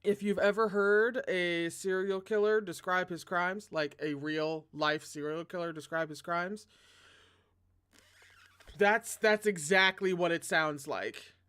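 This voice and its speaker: A host reading a novel aloud, breaking off into chatty, excitable commentary with self-deprecating humor. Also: slow, clear, resonant tone. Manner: dramatic, excitable asides with big pitch jumps. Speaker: read-along host.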